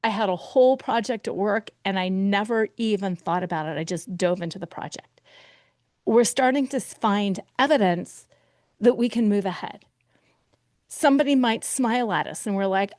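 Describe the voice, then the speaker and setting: A woman's voice: medium pitch, normal speed, darkish tone, dry recording, clean studio sound. A middle-aged woman hosting a podcast as a betrayal recovery coach, talking expressively and acting out people's inner voices. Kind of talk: solo podcast monologue.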